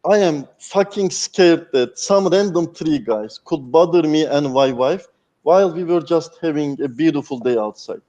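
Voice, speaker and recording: A man's voice: a little high, normal speed, dark tone, highs cut off. A man, a guest speaker talking candidly and passionately, swearing freely. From Turkey. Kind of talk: candid interview talk.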